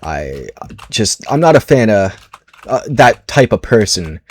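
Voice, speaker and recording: A man's voice: lowish voice, big pitch swings, unhurried, slight background noise. A man voicing an ageless, boastful male general who was secretly posing as a president, confessing his deeds in a casual, matter-of-fact way. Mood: confessional. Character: Trump unmasked as immortal Ulysses S. Grant, male, boastful. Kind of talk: comedic monologue role-play.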